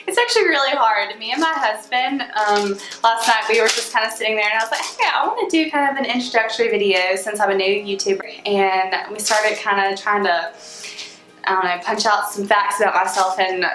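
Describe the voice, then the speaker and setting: A woman's voice: mid-range voice, a little fast, a bit bright. Chatty Southern woman in an echoey room. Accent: Southern US (Alabama). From Alabama, US. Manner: chatty, upbeat, laughs often. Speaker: beauty vlogger. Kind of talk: casual talk to camera.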